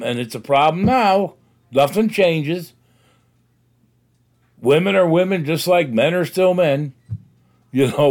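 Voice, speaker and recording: An older man talks about faith in a loose, folksy, rambling way. He chuckles often as he drifts from story to story, like an informal sermon. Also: mid-range voice. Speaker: Christian talk host. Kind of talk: casual religious talk.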